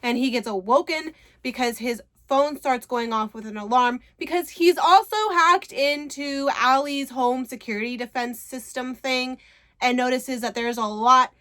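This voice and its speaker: A woman's voice: high voice, a little slow, bright, forceful tone. A woman casually recapping a book, chatty, retelling scenes and quoting characters' lines. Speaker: book reviewer.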